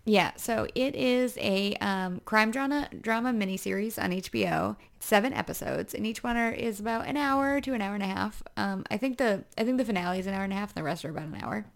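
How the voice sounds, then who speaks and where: A young woman co-hosts a podcast in casual chat, tired and chatty, with plenty of fillers and giggles. Her voice sits at an ordinary middle pitch for a woman. The delivery is loose and friendly. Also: brisk, gravelly, hardly any pauses. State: overtired. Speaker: podcast co-host.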